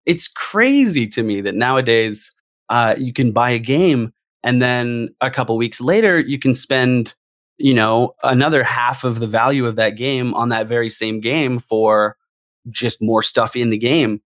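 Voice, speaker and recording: Male guest, average pitch, lively and emphatic, repeats himself for punch. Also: a little slow. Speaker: guest gamer. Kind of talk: casual discussion.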